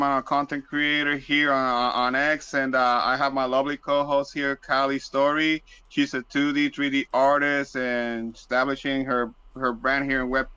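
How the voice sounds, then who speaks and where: Bright, crisp Spanish-accented male host. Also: mid-range voice, dry recording. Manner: friendly, reads a formal guest introduction. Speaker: podcast host. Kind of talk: casual audio-space interview.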